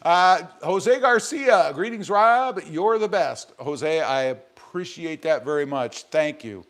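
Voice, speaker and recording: A man chatting casually as he hosts a live stream from his garage. He reads out viewer comments one by one, joking and rambling between them, with a voice pitched a bit high for a man. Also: lively intonation, takes it slowly, fairly bright tone. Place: home garage.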